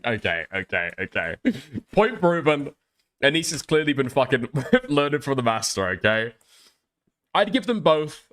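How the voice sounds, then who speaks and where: A man's voice: mid-range voice, a bit bright. A man reacting to clips on stream, sarcastic and swearing constantly. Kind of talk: profane reaction commentary.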